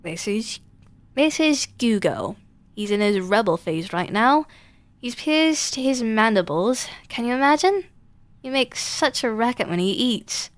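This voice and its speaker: A woman's voice: fairly high pitch, lively intonation, unhurried, no room sound. A woman voicing a gossipy mother mantis who chatters proudly about her children. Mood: doting gossip.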